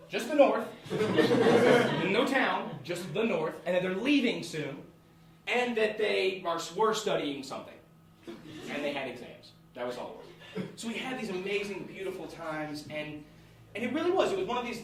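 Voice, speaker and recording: A young man in his twenties telling a personal story live on a theatre stage, laughing through it and restarting sentences as he goes. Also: high-pitched. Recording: echoey hall from far off, noisy.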